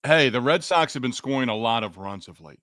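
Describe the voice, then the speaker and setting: A man hosting a solo sports podcast, with a voice of middling pitch. He talks straight to listeners with energy and emphasis. The sound is dry and close to the mic. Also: lively intonation, fairly quick, a bit bright, no echo. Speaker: podcast host.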